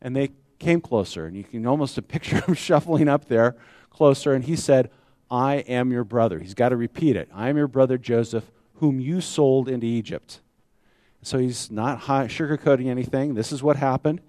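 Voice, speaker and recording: A man's voice: mid-range voice, normal speed, dark tone, no room sound. A middle-aged male pastor giving a sermon, retelling a story in a conversational way with rhetorical questions.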